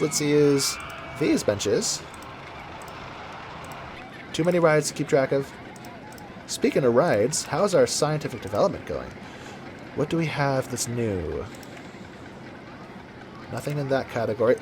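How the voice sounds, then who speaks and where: This gameplay commentator, a man from the United States, rambles chattily about his game as he plays, fixing his own words along the way. His medium-pitched voice is expressive, his speed normal with frequent pauses, and the background is noisy.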